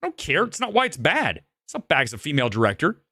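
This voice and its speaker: A man's voice: on the high side, huge pitch swings, fast, sharp tone, dry recording, studio quality. A man ranting angrily as he reviews a film live, repetitive and heated, saying he is shaking with anger. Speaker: movie reviewer.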